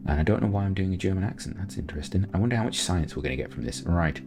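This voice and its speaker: A man speaks in an exceptionally deep voice as he narrates his own gameplay. He thinks aloud, mocks his own choices and often restarts his sentences. Soft music plays faintly underneath. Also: sing-song, quick pace, gravelly, hardly any pauses. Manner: chatty, self-mocking, thinks aloud with many restarts. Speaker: gameplay commentator. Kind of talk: casual gameplay commentary.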